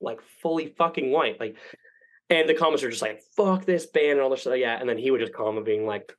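As a guest on a podcast, a young man rambles through a long story, cursing frequently and animatedly quoting other people. He talks at a quick pace in a mid-range voice, and the recording is rough.

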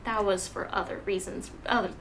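A young woman from Hawaii chats casually, telling animated, self-deprecating stories full of "um" and "like". Her voice is bright and forward at an ordinary pitch. A faint hiss sits under the talk. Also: fairly quick. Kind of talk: casual chat.

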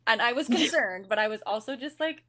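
A young woman guest on a podcast, excitedly retelling a funny story with giggles. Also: a little high, brisk. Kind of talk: casual storytelling chat.

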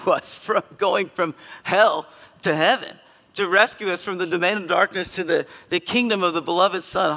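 A male pastor giving a conversational sermon in a church, earnest and emphatic, with sudden loud bursts. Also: high voice, creaky, in a large hall. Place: church sanctuary.

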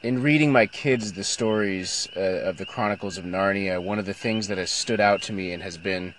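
A man's voice: deep voice, moderate pace, a bit bright, a little hiss or hum. A middle-aged man reading from a storybook and reflecting on it in a thoughtful, hesitant, moved way. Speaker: Christian speaker.

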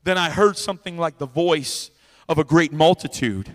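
A man's fiery revival sermon, delivered in a high voice through a church microphone. He swings between booming declarations and hushed asides, piling up repeated words as he builds. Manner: loud, impassioned, swings between shouting and quiet asides; repeats words in rapid runs. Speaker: revival preacher. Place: church sanctuary with a sound system. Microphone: handheld or stand microphone, volume adjusted by the sound man.

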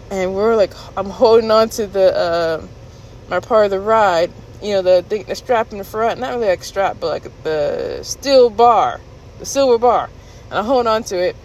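A woman vlogger casually recounting a story to her viewers, candid and laughing, jumping into high squeals when she quotes herself. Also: a little slow, slight background noise, rough recording. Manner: animated retelling, jumps to high squeals when quoting herself.

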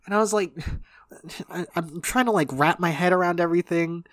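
A man's voice: high-pitched, normal speed, a bit bright, dry recording. A young man telling a long story in casual podcast chat, rambling and swearing, often laughing. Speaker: podcast co-host.

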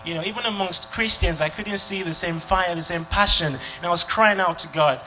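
A man's voice: sits high, a little fast, slight background noise. A young man, giving an earnest, heartfelt testimony to a church conference. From Nigeria. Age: young adult. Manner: earnest, heartfelt, building in intensity. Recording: lo-fi video with music behind.

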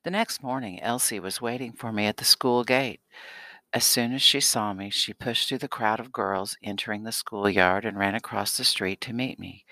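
A man reading a children's novel aloud in a steady, expressive voice. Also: fairly low pitch, moderate pace, no echo. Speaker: audiobook narrator. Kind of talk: scripted audiobook narration.

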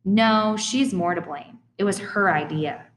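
A woman reading the lines of a quiet, hurt ten-year-old boy in an audiobook, in a soft, subdued, hesitant way. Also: mid-range voice, measured pace, lightly acted. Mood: stubborn.

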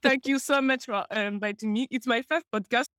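A woman's voice: fairly high pitch, brisk, smooth, dry recording. Playful French-accented woman guest. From France. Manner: playful, laughing, animated storyteller. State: a little nervous. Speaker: podcast guest.

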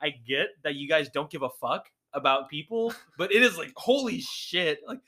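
Bright, lively young man co-hosting a podcast. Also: fairly high pitch, normal speed. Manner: excitable, swears freely, heavy filler "like". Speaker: podcast co-host. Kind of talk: casual chat.

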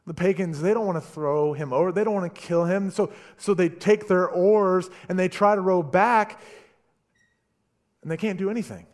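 A man preaching a sermon, retelling a story with animated delivery and stammered repeats. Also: high voice, moderate pace. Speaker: pastor.

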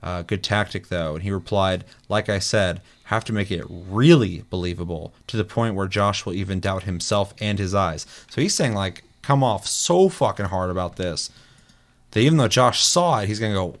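A man's voice: deep voice, normal speed. A man hosting a casual chat show, telling a gaming story with laughs and swearing. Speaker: podcast host.

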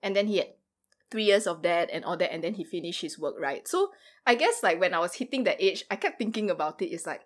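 A woman in her thirties shares her thoughts slowly, stopping and restarting with many fillers. Her voice sits a little low, and she has the gentle, searching tone of someone thinking aloud in a relaxed chat. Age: 30s. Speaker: ministry worker, panel guest. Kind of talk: reflective casual chat.

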